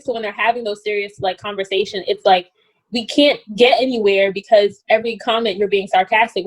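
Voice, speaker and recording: A young woman co-hosting a casual reality-TV recap chat, talking fast and loose with lots of "like" and laughs. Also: medium pitch. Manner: chatty, animated, laughs often, lots of "like". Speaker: podcast co-host.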